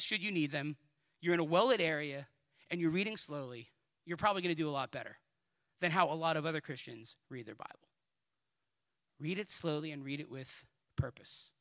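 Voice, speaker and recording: A man, a pastor, preaching a sermon in a blunt, sarcastic and animated way. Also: a little high.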